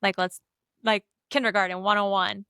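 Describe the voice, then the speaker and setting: Bright chatty young woman co-host. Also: medium pitch, level tone, normal speed, smooth, no room sound, studio quality. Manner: chatty, bubbly, full of "like" and "um". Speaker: podcast co-host. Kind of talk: casual chat.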